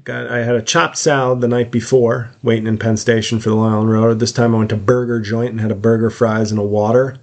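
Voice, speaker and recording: A man's voice: mid-range voice, flat delivery, fast talker, hardly any pauses. A man hosting a podcast, telling a long personal story in a casual monologue, full of fillers and restarts. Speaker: podcast host, comedian.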